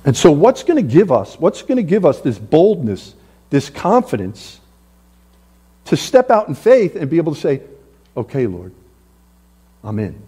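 A man preaching a sermon in a church, animated, acting out the voices of biblical figures. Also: a little high, moderate pace, slightly rough. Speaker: pastor. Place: church sanctuary.

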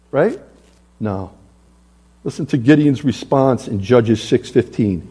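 A man preaching a sermon in a church, animated, acting out the voices of biblical figures. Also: mid-range voice, unhurried, long pauses, husky. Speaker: pastor. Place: church sanctuary.

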